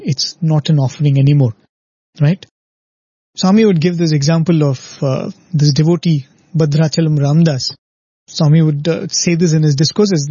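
A man gives a reflective devotional talk, his voice somewhat high, husky and mellow. The sound is dry and dull, like a lo-fi recording. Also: no echo. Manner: reflective, explains with stories and rhetorical "right?". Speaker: devotional speaker.

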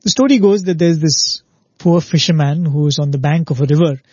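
Guy doing a spiritual talk, mellow husky voice, kinda dull lo-fi sound. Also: on the high side, fairly quick, no room sound. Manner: earnest, repetitive "right?" checks, storytelling. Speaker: spiritual speaker on a show. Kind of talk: spiritual discourse.

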